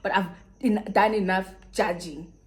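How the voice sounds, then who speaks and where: A woman's voice: medium pitch, fairly even intonation, a little slow. A young South African woman with a South African accent, frankly telling a personal story to her viewers in casual, slangy chat. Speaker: YouTuber.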